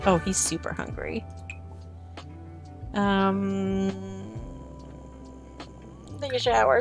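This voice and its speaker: A woman's voice: mid-range voice, fairly even intonation, extremely slow, vocal fry, pauses often, faint music behind. A woman streamer casually commenting on her gameplay, chatting to her game characters and her viewers.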